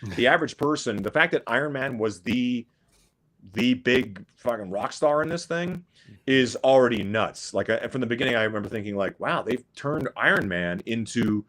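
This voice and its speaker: A man's voice: medium pitch, brisk, fairly bright tone. A man talking as a guest in a casual chat, rambling and repeating his words. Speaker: guest musician.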